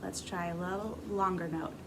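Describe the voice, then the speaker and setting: A woman's voice: fairly low pitch, steady tone, moderate pace, background noise. A grown woman teaching a beginner music class to camera, patient and encouraging as she demonstrates. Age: adult.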